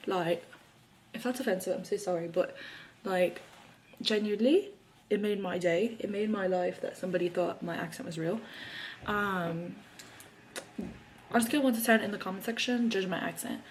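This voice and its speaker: A bubbly young woman in her early twenties talks to camera while doing her makeup, her sentences full of "like." Her voice sits at an ordinary mid pitch, and the faint hiss behind her never quite fades. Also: moderate pace, long pauses. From Arizona, USA. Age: early 20s. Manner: chatty and bubbly, heavy use of "like" fillers. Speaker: YouTuber. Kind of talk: casual get-to-know-me chat while doing makeup.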